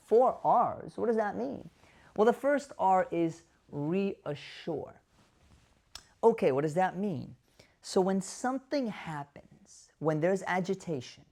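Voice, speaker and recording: A man who is a doctor giving direct-to-camera advice to dementia caregivers, animated, asking rhetorical questions and acting out the voices he quotes. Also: high-pitched.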